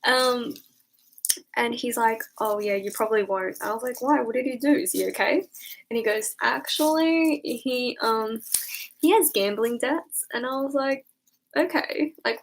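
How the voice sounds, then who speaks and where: A woman's voice: a little high, a little hiss or hum, rough recording. Chatty young woman telling stories. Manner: chatty, animated storytelling with slang and swearing. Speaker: streamer. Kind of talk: casual story time. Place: home room at night.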